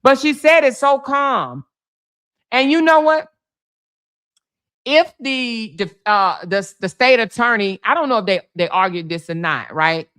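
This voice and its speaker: A middle-aged woman hosting a casual livestream, chatting to viewers and telling stories in a lively, animated way. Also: on the high side, unhurried, smooth. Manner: animated storytelling, reads viewer comments aloud. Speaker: livestream host.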